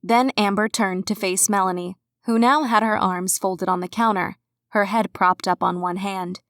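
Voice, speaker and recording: Audiobook narrator: woman, mid-pitched, measured, dry studio sound. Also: no echo. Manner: even, measured storytelling. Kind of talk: scripted narration.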